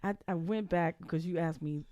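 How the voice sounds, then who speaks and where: A woman's voice: lowish voice, moderate pace, dark tone, no room sound. A woman hosting an interview, an eager, encouraging listener. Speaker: host.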